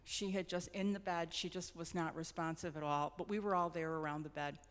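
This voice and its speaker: Middle-aged nurse lady telling stories soft and thoughtful, long echo like a church hall. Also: on the low side, fairly even intonation. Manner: gentle, reflective, halting. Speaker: hospice nurse speaker. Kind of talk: personal storytelling talk.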